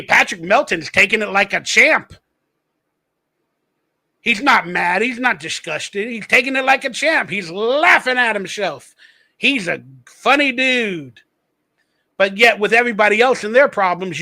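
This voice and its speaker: A man's voice: high-pitched, pushed and bright. A man hosting his own podcast, ranting in blunt, profane, mocking commentary. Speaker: podcast host.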